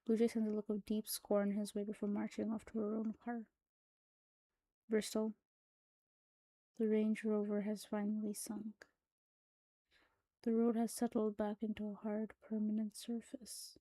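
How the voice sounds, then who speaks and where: A woman reads a horror story aloud in a hushed, soft-spoken voice that slips into whispers. Her delivery is flat and even, with a dark, mellow tone. The recording is dry and close. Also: medium pitch, unhurried, long pauses, no room sound, low-quality recording. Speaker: narrator. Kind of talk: scripted horror story reading.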